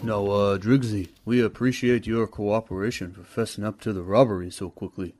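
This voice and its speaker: A man playing a gruff police sergeant. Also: on the low side, steady tone, moderate pace, darkish tone, soft background music, natural voice. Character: gruff middle-aged male police sergeant.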